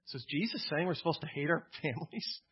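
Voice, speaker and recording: A male pastor preaches in a relaxed, conversational way, mixing plain talk with casual asides. His voice sits a bit high and sounds husky. The recording is dull and lo-fi. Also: fast talker. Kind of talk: sermon.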